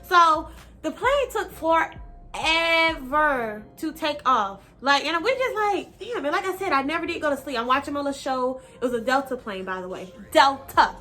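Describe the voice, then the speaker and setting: A young woman casually telling a personal story on her vlog, slangy, animated and now and then profane. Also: high voice, normal speed, faint music behind. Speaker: vlogger.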